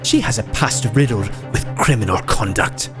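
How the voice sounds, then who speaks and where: A man's voice: mid-range voice, pitched below the performer's own voice. A man voicing a haughty, contemptuous aristocratic prosecutor in grand, formal courtroom speech, with game music behind. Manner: pompous, formal courtroom oratory.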